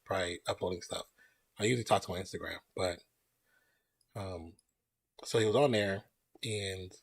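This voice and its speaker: A man's voice: lowish voice, slightly rough, no echo. A man hosting a live stream, chatting loosely and greeting viewers as they join. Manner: relaxed, rambling, greets chat viewers by name. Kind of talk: casual live stream chat.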